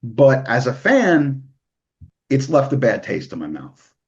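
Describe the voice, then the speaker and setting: A man's voice: mid-range voice, wildly swooping pitch, slow, highs cut off. A man from New hosting a podcast, talking emotionally and swearing freely in casual chat. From New York. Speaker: podcast host.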